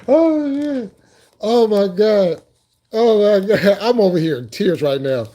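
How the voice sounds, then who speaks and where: A man hosts a casual live stream, laughing almost nonstop as he jokes with viewers in the chat. His talk is loose and profane, full of repeated phrases. His voice has a mellow, darker tone. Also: high-pitched, lively intonation, slow.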